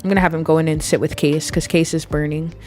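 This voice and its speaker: A woman's voice: deep voice, level tone, fast, darkish tone, soft background music. A woman giving casual, amused commentary on her life-sim game, narrating what her characters do. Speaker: gameplay video creator.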